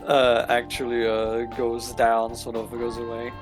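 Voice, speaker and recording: A man talks slowly through his turn in a tabletop game, halting and often breaking into laughter. Clear music plays under his voice. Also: mid-range voice, completely flat delivery. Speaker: player.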